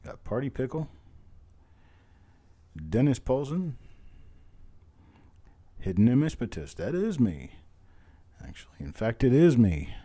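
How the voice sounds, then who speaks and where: A hoarse man, his voice still recovering, hosting a live online coin auction in a folksy, chatty way and calling out bids over and over. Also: mid-range voice, sing-song, unhurried, long pauses, dark tone. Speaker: auctioneer host.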